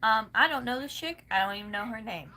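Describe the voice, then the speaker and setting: A woman vlogger with a Southern US accent rants angrily to camera, her voice on the high side, animated, bright and pushed, at a quick pace. She's heated and blunt, swearing freely as she vents.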